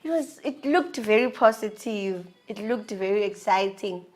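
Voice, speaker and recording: A woman telling her own story in an animated, emotional way, acting out the dialogue. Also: medium pitch, a little slow. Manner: animated, emotional retelling with acted-out dialogue and laughs. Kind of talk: personal storytelling.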